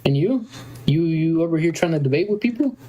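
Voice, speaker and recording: Easygoing caller with a mellow voice. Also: mid-range voice, animated, a little fast, rough recording. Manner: easygoing, brief replies. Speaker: caller joining a live chat. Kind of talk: casual chat.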